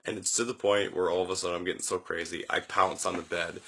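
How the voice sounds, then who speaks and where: A young man hosting a podcast, telling a story in a casual, animated way, acting out quotes with jumps in his voice and laughing often. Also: sits low, fast. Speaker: podcast host.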